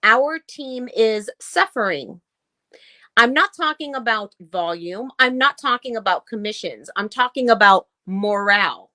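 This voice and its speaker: A woman's voice: on the high side, expressive, unhurried, bright, forceful tone, no echo. A woman co-hosting a casual talk show, ranting bluntly and swearing as she reads posts aloud. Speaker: podcast co-host. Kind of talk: casual chat.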